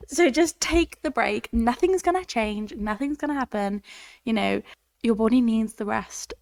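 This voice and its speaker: This is a young woman hosting a casual podcast, still congested from a cold. Her voice sits slightly higher than most women's. She rambles on cheerfully and laughs often. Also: a little mellow. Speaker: podcast host. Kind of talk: casual chat.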